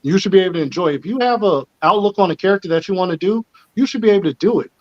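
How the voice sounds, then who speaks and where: A man's voice: high voice, very fast, a little mellow. A man hosting a casual panel discussion, speaking earnestly and with emphasis. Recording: muffled lo-fi audio.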